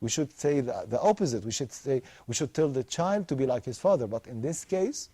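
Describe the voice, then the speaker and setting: A man's voice: mid-range voice, lively intonation, brisk, mellow, slightly rough, dry recording. A man hosting a live family counseling show, giving emphatic advice to parents and repeating words for stress.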